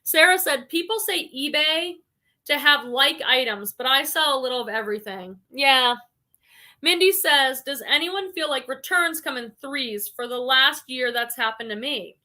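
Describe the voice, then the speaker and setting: A woman hosts a relaxed livestream and talks freely with her viewers. Her voice is high and sharply bright. She reads their comments aloud and fills her talk with "like" and "um". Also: moderate pace. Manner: frequent "like" and "um" fillers. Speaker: reseller livestream host. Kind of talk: casual livestream chat.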